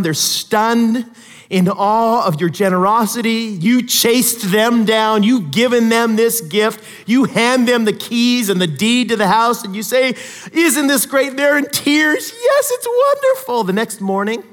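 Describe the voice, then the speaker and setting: A man with a high voice preaching a sermon in a church hall. He drops to quiet, conversational asides, then climbs to loud, emphatic peaks. A long reverb trails his words. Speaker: pastor.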